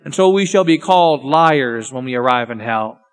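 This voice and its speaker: A man preaching a solemn sermon, grave and intense, often dropping to a hushed voice. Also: mid-range voice, lively intonation, normal speed. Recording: long church reverb with faint music.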